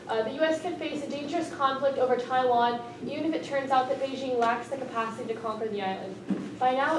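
A woman reads a written passage aloud, pausing and tripping over the harder words. Her voice sits fairly high and is caught from a distance in an echoey classroom. A noticeable background noise hangs under it. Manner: halting, stumbles over words. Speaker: student reading evidence aloud. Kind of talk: reading aloud. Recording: echoey room, far from the mic, noticeable noise.

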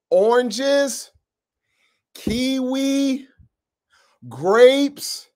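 High-voiced, animated man preaching. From upstate New York. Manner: animated and emphatic, with street slang and asides to listeners. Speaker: Bible teacher. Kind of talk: informal preaching.

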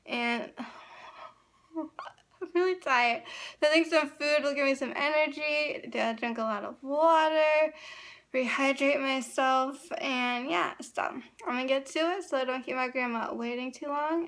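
A woman's voice: high-pitched, a little slow, a bit bright, a little hiss or hum. A young woman vlogging in a chatty, rambling way, full of fillers, talking into a handheld phone camera. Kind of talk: casual vlog chat.

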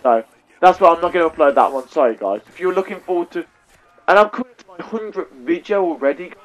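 A man's voice: on the high side, expressive, fast. A young man with an English accent giving chatty, self-deprecating live commentary over a headset mic while he plays a shooter. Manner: chatty, self-deprecating, talks to viewers as "guys". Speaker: gaming YouTuber.

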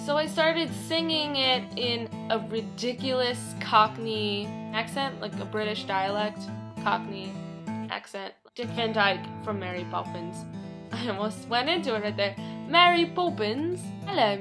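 A woman's voice: a little high, a little slow, over music. A young woman chatting to camera in a self-amused way, with lots of "like" fillers. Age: young adult. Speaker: vlogger. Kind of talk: casual chat to camera.

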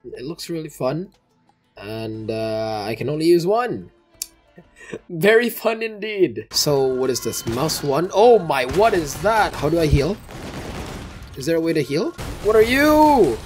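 A man giving excitable, swearing commentary while playing a video game, often calling out "dude" and panicking. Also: on the high side, unhurried, pauses often. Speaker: gaming YouTuber. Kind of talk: casual gameplay commentary. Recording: loud game music and gunfire behind.

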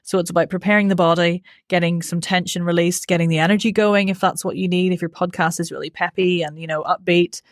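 A woman, a voice coach answering interview questions in a clear, methodical, upbeat way. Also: lowish voice, steady tone, fast, hardly any pauses, no echo, clean studio sound. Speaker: voice coach, podcast guest.

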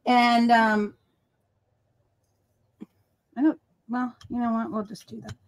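A woman's voice: on the high side, flat delivery, takes it slowly. A woman with a Boston accent, hosting a casual crafting livestream and telling stories in a rambling, self-correcting way. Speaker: host.

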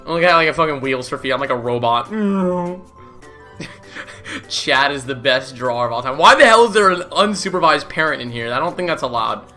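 A man's voice: a little high, animated, normal speed, pushed and bright, faint music behind. A young man giving casual, goofy commentary as he plays a game, laughing often and swearing casually. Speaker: gaming YouTuber.

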